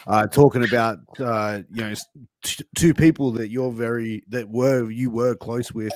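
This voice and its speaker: A man's voice: medium pitch, fairly even intonation, normal speed, a little mellow, a little hiss or hum. Hesitant man hosting a podcast. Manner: hesitant, filler-heavy, eager. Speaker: podcast host. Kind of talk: casual interview chat.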